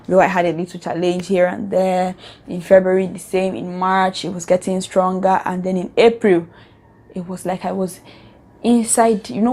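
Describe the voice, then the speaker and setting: A woman's voice: mid-range voice, a little mellow. Earnest Nigerian woman vlogging. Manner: earnest, heartfelt, emotional. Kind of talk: casual reflective vlog.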